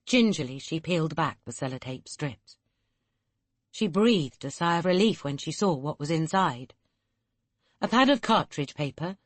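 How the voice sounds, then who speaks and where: Low-voiced woman narrating an audiobook. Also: no room sound. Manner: measured, steady storytelling.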